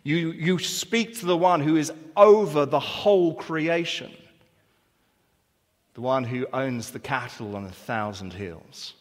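A pastor with a fairly high voice preaches slowly and earnestly in a church hall, leaning on rhetorical questions and repetition. Long church reverb fills the recording.

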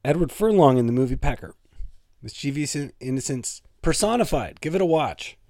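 A man's voice: mid-range voice, animated, brisk, mellow, no room sound, clean studio sound. A man from Toronto, hosting a solo comedic podcast in a playful, rambling way. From Toronto, Canada. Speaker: podcast host.

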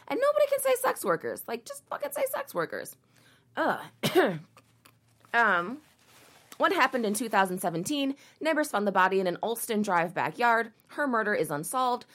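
A woman's voice: medium pitch, a bit bright. A woman reading a news article aloud and breaking off into sarcastic, indignant, profanity-laced rants. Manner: sarcastic, indignant, swears a lot, reads quotes aloud then rants. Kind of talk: casual commentary video.

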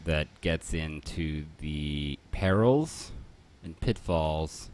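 Podcast host, man, Philly accent, very low voice, loose rambling jokey delivery. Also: animated, very slow, darkish tone. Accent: Philadelphia. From Northeastern Philadelphia. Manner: rambling, self-correcting, jokey. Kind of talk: casual chat.

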